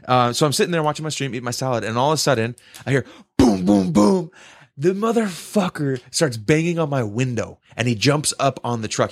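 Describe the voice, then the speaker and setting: Man, casual storyteller, mid-pitched voice, dry close sound, rambling and profane. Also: no echo. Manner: rambling, profane, says "right?" often. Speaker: podcast co-host telling a story.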